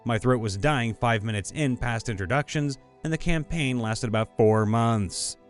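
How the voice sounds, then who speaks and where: A man narrating viewer stories in a scripted voice-over, reading lively and sometimes slipping into put-on voices. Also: medium pitch, moderate pace. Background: faint background music.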